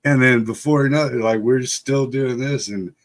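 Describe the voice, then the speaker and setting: A man's voice: mid-range voice, normal speed. A middle-aged man casually telling a childhood story on a live stream, swearing freely and laughing as he goes. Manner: profane, laughs often while telling. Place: home setup for a live stream.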